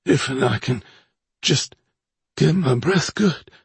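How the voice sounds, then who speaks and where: A man doing a dying gunman in a Western audiobook, sad and tired, every word slow and out of breath. The voice is low and husky, recorded dry and close. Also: no echo, heavily acted. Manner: slow, labored speech.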